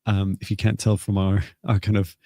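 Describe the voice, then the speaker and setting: Soft-spoken guy with a low gravelly voice, slow healer talk, lots of pauses. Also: monotone, no echo. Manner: soft, hesitant, with many pauses and restarts. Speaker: psychic healer hosting a live reading. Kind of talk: slow, gentle guided healing talk.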